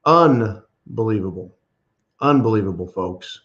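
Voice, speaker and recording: A man's voice: mid-range voice, lively intonation, unhurried. Sarcastic ranting man with dull lo-fi sound. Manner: sarcastic, mocking, emphatic, calls listeners "folks". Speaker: host of a preparedness channel. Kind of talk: ranting political commentary.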